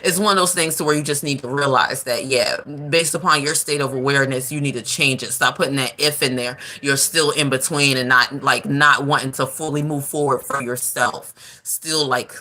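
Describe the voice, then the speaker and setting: A woman's voice: a bass voice, steady tone, normal speed, pushed and bright. A woman tarot reader giving casual spiritual advice in a frank, blunt and loosely rambling way.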